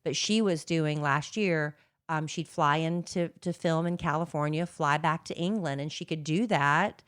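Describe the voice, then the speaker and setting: A woman's voice: sits low, moderate pace, fairly bright tone, smooth. A middle-aged woman co-hosting a podcast, rambling and gossipy in casual chat, with lots of fillers. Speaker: podcast co-host.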